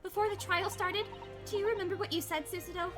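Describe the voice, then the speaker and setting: A woman's voice: very high voice, steady tone, fast, over music, voice pushed up. A woman reading game dialogue aloud as an earnest young male lawyer, in theatrical, self-reproaching outbursts.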